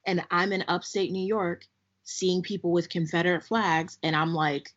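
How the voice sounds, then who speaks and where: A woman co-hosts a podcast, making her points in an emphatic, deliberate rant. Her voice is very low for a woman. The sound is dull and lo-fi. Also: flat delivery. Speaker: podcast co-host. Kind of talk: casual podcast chat.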